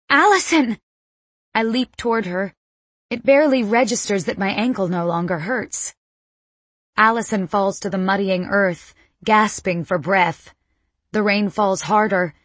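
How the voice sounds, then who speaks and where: A woman's voice: medium pitch, dry recording. A woman narrating a first-person audiobook with tense, dramatic storytelling.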